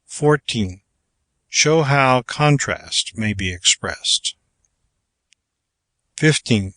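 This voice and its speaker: A man reading aloud from a public speaking manual as scripted narration, working through numbered exercises in a measured, even way. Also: on the low side, no room sound. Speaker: audiobook reader.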